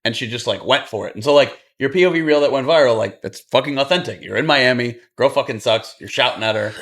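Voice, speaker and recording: A man's voice: medium pitch, fast talker, a bit bright. A man in a casual podcast chat, talking bluntly and emphatically with frequent swearing.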